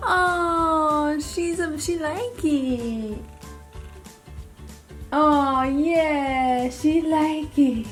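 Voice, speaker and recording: A young beauty vlogger records casually from her living room couch while unboxing a package for her dog, often gushing and slipping into baby talk. Her voice sits high and moves extremely slowly with long pauses, over soft background music.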